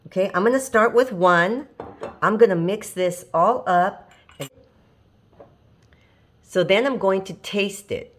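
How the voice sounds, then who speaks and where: In a casual cooking demo from her home kitchen, this woman explains a recipe one step at a time, keeping it warm and conversational and frequently chuckling at herself. She has a mid-range voice, speaks slowly, and leaves long pauses.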